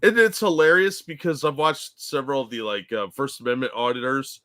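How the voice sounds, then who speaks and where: A man co-hosting a casual podcast, telling animated anecdotes and swearing freely. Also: mid-range voice, a little fast. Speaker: podcast co-host. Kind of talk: casual chat.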